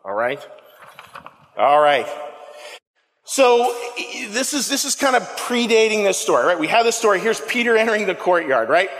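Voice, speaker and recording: A man with a high, bright voice gives an animated sermon and keeps asking the people in the pews questions. His voice rings out in a long reverberant church hall. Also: normal speed, faint music behind. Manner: animated, conversational, asks the congregation questions. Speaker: pastor. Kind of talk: lively sermon. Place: church sanctuary. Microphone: handheld microphone.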